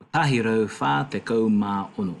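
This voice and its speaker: A man tutoring a language lesson, explaining slowly and patiently with fillers and self-corrections. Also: fairly low pitch, vocal fry.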